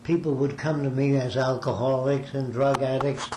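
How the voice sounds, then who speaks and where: A man's voice: medium pitch, fairly even intonation, normal speed, a little mellow. Older man recounting his life, echoey room. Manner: rambling storyteller, acts out quoted voices. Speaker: interviewee. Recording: echoey room with faint ambient noise.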